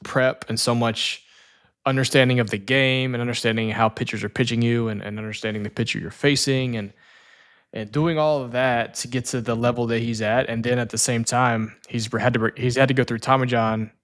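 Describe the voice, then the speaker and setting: A man's voice: mid-range voice, fairly even intonation, brisk, fairly bright tone. Rambling man co-hosting a sports chat. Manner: rambling, restarts sentences often. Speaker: podcast co-host.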